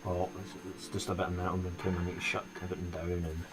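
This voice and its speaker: Over music, a Scottish live streamer talks fast in a low, monotone voice. His casual chat with viewers is rambling and hesitant, full of restarted sentences.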